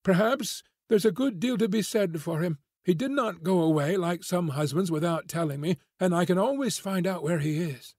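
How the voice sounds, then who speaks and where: Man doing a gentle pleading farm girl. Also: sits high, moderate pace, hardly any pauses, husky, no room sound, clean studio sound, pitched above the performer's own voice. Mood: earnest. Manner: soft pleading delivery. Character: young farm girl, gentle, earnest, sorrowful.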